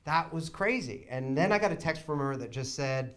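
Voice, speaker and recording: A young man telling a long comic story on a theater stage, chatty and wry, shouting quoted lines for effect. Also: on the high side, lively intonation, moderate pace, few pauses. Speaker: comedian. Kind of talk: live storytelling stand-up. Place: small theater stage with audience.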